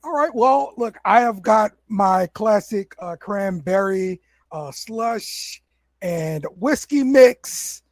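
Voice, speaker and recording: Brief: easygoing man host, unhurried, lively pitch. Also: dry recording, clean studio sound. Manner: laid-back, stumbles and repeats words, laughs often. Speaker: podcast host. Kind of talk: casual banter show.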